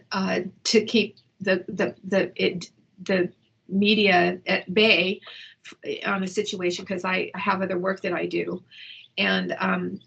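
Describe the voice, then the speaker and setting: Middle-aged woman, low flat gravelly voice, halting and shaken, telling her story in an interview at home. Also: highs cut off. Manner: halting, emotional retelling with restarts. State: shaken, upset. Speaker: interview guest, mother. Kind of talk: personal account in an interview. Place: indoors at home.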